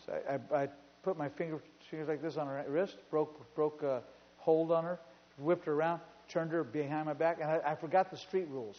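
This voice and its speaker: A male pastor preaching a sermon in a church, telling stories in an animated way and repeating phrases for emphasis. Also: a little high, fairly quick. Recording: reverberant hall, dull sound.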